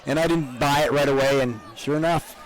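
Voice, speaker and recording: A man's voice: mid-range voice, fairly even intonation, a little fast, poor audio. An older man from upstate New York, co-hosting live parade coverage outdoors, chatty and rambling, with frequent laughs. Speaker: parade co-host.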